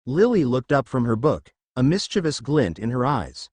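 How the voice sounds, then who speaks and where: A man narrating a fan fiction story with expressive storytelling. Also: mid-range voice, moderate pace, no echo.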